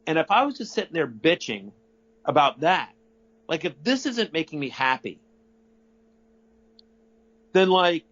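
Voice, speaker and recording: A man's voice: fairly high pitch, measured pace, pauses often. A middle-aged man telling a story in a casual interview, rambling, restarting sentences and swearing now and then. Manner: animated, rambling, self-correcting, profane. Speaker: interview guest. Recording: dull lo-fi audio.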